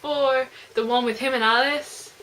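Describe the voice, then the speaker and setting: A woman chatting casually about a novel she loved, excitable and gushing, exclaiming at the characters. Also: sits high, a little slow, a little hiss or hum, low-quality recording. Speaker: book reviewer. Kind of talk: casual book review chat.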